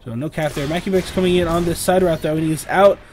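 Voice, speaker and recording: A man's voice: on the high side, quick pace, darkish tone, slight background noise. Man casting a video game match solo. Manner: rambling, filler-heavy, lifts and speeds up on big plays. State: sore throat, clearing it often. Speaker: esports caster. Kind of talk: solo play-by-play game commentary.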